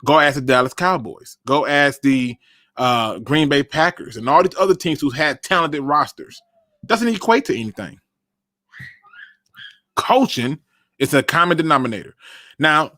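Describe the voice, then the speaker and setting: A man hosting a casual sports fan show, talking straight to viewers with emphatic, animated commentary. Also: on the high side, normal speed, no echo, clean studio sound. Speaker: sports podcast host.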